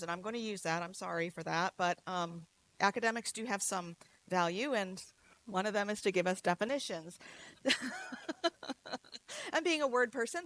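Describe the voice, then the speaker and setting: A woman's voice: mid-range voice, fairly bright tone, poor audio. Woman giving a chatty lecture. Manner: chatty, explanatory, with asides and fillers. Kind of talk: conversational public lecture.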